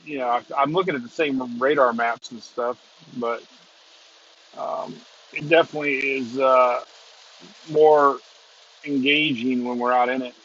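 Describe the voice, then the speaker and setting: A man's voice: medium pitch, steady tone, unhurried, pauses often, a bit bright, a little hiss or hum. Rambling storm-chasing man on a lo-fi stream. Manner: rambling, chuckling storyteller. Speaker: storm chaser, stream host. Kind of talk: casual live chat while driving. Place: inside a moving car.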